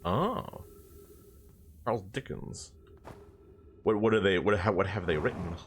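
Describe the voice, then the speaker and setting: A man's voice: deep voice, a little slow, a little hiss or hum. A young man telling a story about his dream in a rambling, laughing way, swearing often. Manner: rambling, swears a lot, laughs between lines. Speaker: streamer.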